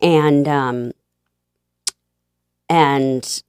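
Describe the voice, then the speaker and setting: A woman guest telling a personal faith story in an interview, halting and emotional, with many fillers and restarts. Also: extremely low pitch, fairly even intonation, a little mellow, clear, resonant tone, no echo, clean studio sound.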